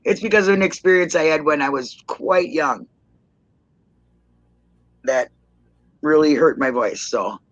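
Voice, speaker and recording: A woman co-hosting an online support chat, joking and laughing a lot, with a naturally low voice that she pushes up higher when she talks. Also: a little slow, long pauses, dull audio. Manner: laughs often, chatty and joking. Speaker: co-host of an online support talk. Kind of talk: casual live-stream chat.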